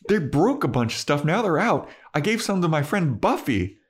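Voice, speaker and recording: A man putting on a squeaky panicky young guy. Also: sing-song, normal speed, breathy edge. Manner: high, squeaky, frantic.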